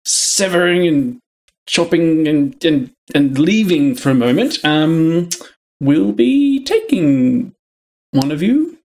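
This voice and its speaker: A man playing a tabletop game, speaking in a hesitant, polite, halting way. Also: on the high side, lively intonation, darkish tone. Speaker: player. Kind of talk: tabletop role-play.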